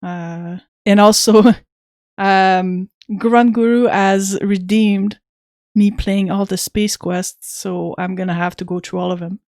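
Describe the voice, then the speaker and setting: A woman's voice: medium pitch, fairly even intonation, takes it slowly, darkish tone, dry recording, studio quality. A woman chatting casually with viewers while streaming an old computer game, reading its text aloud now and then.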